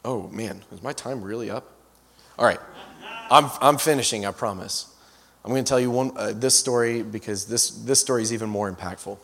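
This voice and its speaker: A man's voice: fairly low pitch, a little fast, a bit bright. A man preaching to a congregation, working through stories and breaking off into restarts and side remarks. His voice carries a long reverb that rolls through a big hall. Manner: storyteller with frequent restarts and asides. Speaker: guest preacher. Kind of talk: storytelling sermon.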